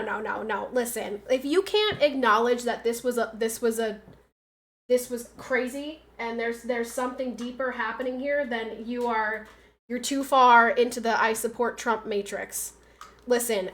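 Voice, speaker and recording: A woman's voice: a little high, a bit bright. A woman livestreaming from home in a casual chat, arguing back at her chat with emphatic, insistent points.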